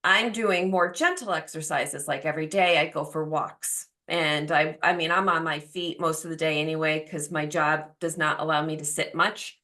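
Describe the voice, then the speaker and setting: A woman's voice: low voice, fairly even intonation, moderate pace, few pauses, pushed and bright. A woman in her forties hosting a podcast, talking openly and chattily with plenty of fillers. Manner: open, chatty, full of fillers. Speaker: podcast host. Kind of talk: casual chat.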